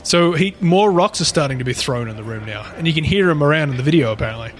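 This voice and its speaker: A man's voice: a little high, animated, quick pace. A man co-hosting a podcast, casually retelling a paranormal story in a rambling way, with frequent swearing. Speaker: podcast co-host.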